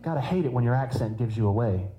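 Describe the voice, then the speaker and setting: A man's voice: mid-range voice, expressive, fast, dark tone, muffled recording, faint music behind. A man preaching a sermon in a conversational style, with humorous asides.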